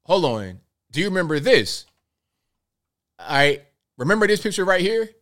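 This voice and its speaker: A male host of a live commentary show, talking in an animated way and firing off rhetorical questions. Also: high-pitched, normal speed.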